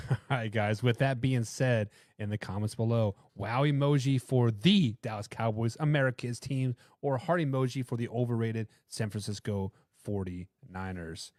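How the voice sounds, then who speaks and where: A man's voice: mid-range voice, moderate pace, a little mellow, dry recording, studio quality. A man with a Boston accent hosting a casual sports talk show, joking and stumbling over words as he sets up each game. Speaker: show host.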